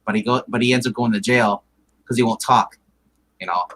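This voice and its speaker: A man's voice: mid-range voice, fairly quick, fairly bright tone. A man from Ohio joining a live stream as a guest, chatting casually and joking, with "man" and "dude" sprinkled through his talk. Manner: laid-back, joking, says "man" and "dude" often. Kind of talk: casual chat.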